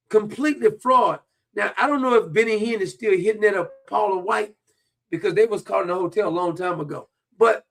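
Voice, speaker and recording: A man's voice: high voice, gravelly, breathy edge. A man delivering a heated commentary rant, combative and taunting, repeating his points and swearing freely. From New York, USA. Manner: combative, repetitive, taunting, profane. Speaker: online commentator.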